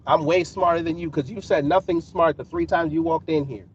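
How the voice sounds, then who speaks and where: Ny guy roasting his chat, mocking and calm-menacing, kinda high voice, far off a dull mic. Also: a little fast. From New York City. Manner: taunting, mocking, calmly menacing. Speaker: livestream host answering chat. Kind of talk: casual live-stream roasting. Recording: distant, dull lo-fi mic with clear background noise.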